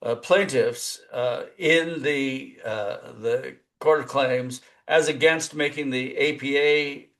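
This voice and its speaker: A man, a professor, interviewing in a webinar, halting with many uh's and restarts. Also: medium pitch, a bit bright.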